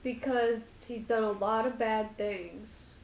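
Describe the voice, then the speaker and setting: A woman playing a tabletop game, answering slowly and earnestly. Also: a little high, fairly even intonation, vocal fry, darkish tone. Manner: slow, earnest answers in character. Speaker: player. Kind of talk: casual tabletop play. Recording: roomy echo with faint noise.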